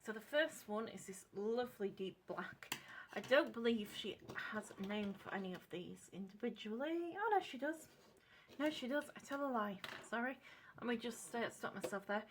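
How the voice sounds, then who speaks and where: A woman's voice: a little high, lively intonation, moderate pace, slight background noise. Chatty English woman rambling over crafts. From England. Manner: chatty and rambling, corrects herself often, apologetic asides. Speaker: craft vlogger. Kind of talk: casual unscripted craft vlog chat.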